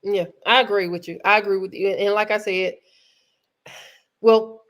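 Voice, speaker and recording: A woman's voice: medium pitch, steady tone, normal speed, a bit bright. A woman hosting a casual conversation, speaking earnestly and restarting her sentences often as she works through her points. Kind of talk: casual chat.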